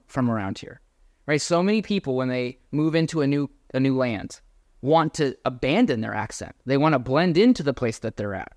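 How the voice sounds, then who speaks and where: A man preaching a sermon as pastor, earnest and emphatic, then closing in a softer prayer. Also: mid-range voice, no echo, clean studio sound.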